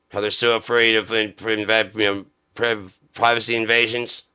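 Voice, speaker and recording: Bright-toned sarcastic male comedian. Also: lowish voice, clear, resonant tone. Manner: sarcastic, profane, jumps into mocking voices. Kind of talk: satirical comedy rant.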